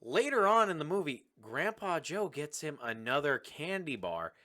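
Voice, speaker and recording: A man co-hosting a movie podcast, animated and joking, often breaking into laughter. His voice sits a little high and bright, and it swings lively up and down. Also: moderate pace. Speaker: podcast co-host. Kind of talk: casual movie podcast chat.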